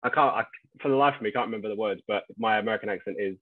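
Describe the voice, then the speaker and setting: A man's voice: fairly low pitch, rapid-fire, no room sound. British man interviewing over a tinny line. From Britain. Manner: chatty, laughing easily, stumbling restarts. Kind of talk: casual press interview.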